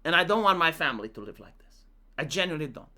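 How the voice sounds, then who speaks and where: A man's voice: fairly high pitch, big pitch swings, fast talker, sharp tone. A man from Romania with a Romanian accent, talking casually through comments on his channel and reading some aloud in a mocking voice. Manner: talks with many "like" fillers, reads comments out in a mocking voice. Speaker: commentary YouTuber.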